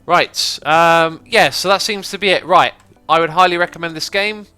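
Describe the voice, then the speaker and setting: A man hosts a casual gaming livestream, talking easily to his chat and working things out aloud. His voice is bright and forward, with a smooth, clear tone. A faint bed of music sits under his talk. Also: on the high side, moderate pace. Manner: chatty, reads chat aloud, thinks out loud. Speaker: livestream host.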